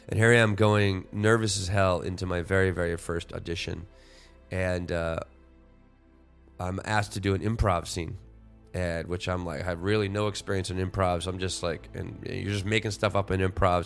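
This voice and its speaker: Male podcast host, 40s, deep smooth voice, reflective and rambling, faint music underneath. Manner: rambling, self-correcting, reflective.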